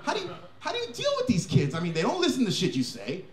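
A man voicing an impressed T-ball parent who gushes slowly in wide-eyed amazement. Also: sits high, wildly swooping pitch, roomy sound. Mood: gushing.

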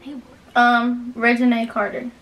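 A woman's voice: a little high, completely flat delivery, unhurried, a bit bright. A young woman co-hosting a casual couple challenge video, hesitant and trailing off. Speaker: vlogger co-host.

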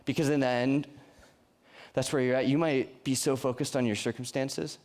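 A man's voice: medium pitch, steady tone, moderate pace, darkish tone. A young man preaching a youth sermon in an earnest, conversational way, often restarting his sentences. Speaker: youth pastor.

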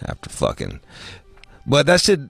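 A man's voice: measured pace, gravelly, breathy edge, no echo, soft background music. Foul-mouthed man telling wild stories. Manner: profane, animated, mimics people in high voices. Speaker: podcast host. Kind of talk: crude comedic storytelling.

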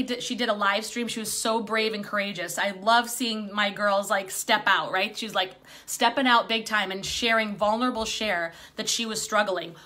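A woman in her fifties talks straight to her viewers as a spiritual coach, cursing freely and filling gaps with "um" and "like". Her voice is bright and a touch high, and it comes across open and unguarded. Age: 50s. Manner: candid, swears freely, many fillers. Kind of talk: casual talk to camera.

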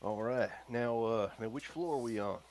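A man's voice: mid-range voice, normal speed, a little mellow, a little hiss or hum. A man joking around as a player in a tabletop game. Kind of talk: casual tabletop play.

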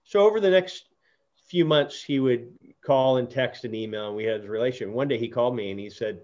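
A man hosting a casual interview over a video call, telling an earnest story full of restarts and fillers. His voice sits at an ordinary pitch. The audio sounds a bit dull and lo-fi. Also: a little fast, darkish tone. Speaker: podcast host.

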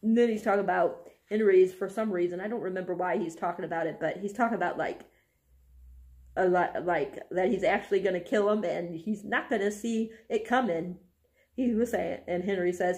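A woman's voice: lowish voice, fairly quick, a little mellow. A young woman casually reading passages aloud from a book and chatting about them, breaking into giggles often. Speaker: book vlogger.

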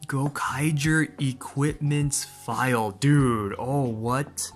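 A man hosting an unboxing vlog, excitable and gushing, full of exclamations. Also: fairly high pitch, slow pace, few pauses, soft background music. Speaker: channel host.

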